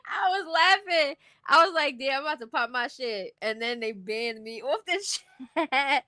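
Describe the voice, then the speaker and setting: Blunt, bright-voiced woman streamer. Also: a little high, expressive, moderate pace, no room sound, studio quality. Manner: blunt, opinionated, laughs while talking. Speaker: commentary streamer. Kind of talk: casual livestream commentary.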